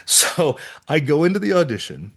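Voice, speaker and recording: A middle-aged man with a husky voice, a podcast guest telling stories in an animated way and acting out other people's lines. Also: a little high, moderate pace. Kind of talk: casual storytelling interview.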